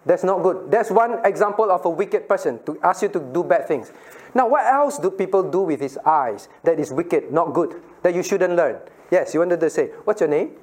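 A man's voice: sits high, expressive, moderate pace, darkish tone. A middle-aged man, a pastor giving a playful Bible lesson to children and asking them questions. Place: church room with children.

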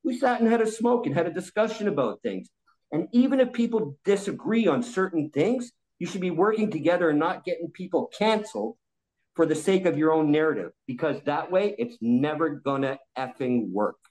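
A man in his forties vents his frustration in a heated podcast discussion. His voice sits a little high and he swears freely, with an angry, blunt, insistent tone. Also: expressive, moderate pace, darkish tone, low-quality recording. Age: 40s. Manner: angry, profane ranting. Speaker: roundtable guest.

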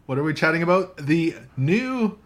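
A man's voice: a little high, very animated, moderate pace. A man hosting a casual tech chat show with a co-host, recorded in a coffee shop. He talks in a chatty way, laughs often and restarts his sentences. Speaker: podcast host.

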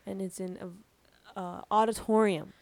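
A young woman co-hosting a podcast tells stories about her day in a loose, chatty way, slipping into little quoted voices as she goes. Her voice sits at a middle pitch, and the sound is dry and close with no room around it. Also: moderate pace, dry recording. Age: young adult. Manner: animated storyteller, quoting others in playful voices. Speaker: podcast co-host. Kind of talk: casual chat.

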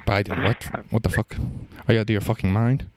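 A man putting on a rambling male rapper who claims a brain injury, talking in a halting, stammering way in an improvised comedy bit. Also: fairly low pitch, steady tone, lightly acted.

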